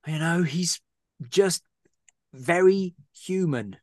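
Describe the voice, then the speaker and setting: A man's voice: medium pitch, unhurried, no echo, studio quality. A man co-hosting a book podcast, talking enthusiastically and loosely with lots of fillers and laughter. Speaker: podcast co-host discussing a novel. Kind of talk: casual book discussion.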